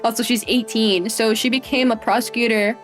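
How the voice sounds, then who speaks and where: A woman's voice: a little high, steady tone, brisk, faint music behind. A young woman streaming a video game, chatting casually and giggling at herself. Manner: giggly, chatty, self-mocking. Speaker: VTuber streamer. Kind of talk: casual gaming stream chat.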